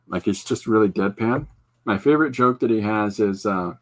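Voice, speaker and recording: A man hosting a podcast, chatting casually while he draws, rambling and breaking off into quick asides. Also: fairly low pitch, slight background noise. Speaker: podcast host. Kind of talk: casual chat while drawing.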